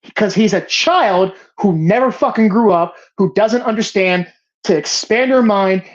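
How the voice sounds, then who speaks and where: A woman's voice: mid-range voice, normal speed. Woman podcast host, casual movie talk, profane and ranting, muffled lo-fi sound.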